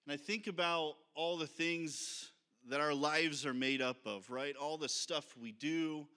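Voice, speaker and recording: A man's voice: fairly high pitch, fairly even intonation, pushed and bright. A man preaching a sermon as pastor, talking in an earnest, reflective and conversational way. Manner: sings slowly to lead the congregation.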